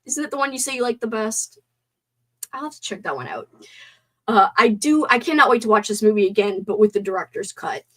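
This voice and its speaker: Girl streaming a movie chat, kinda high voice, gets super animated and swears a lot. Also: a little fast. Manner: animated, reads chat comments aloud, swears and gasps excitedly. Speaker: live stream host. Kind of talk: casual live stream movie discussion.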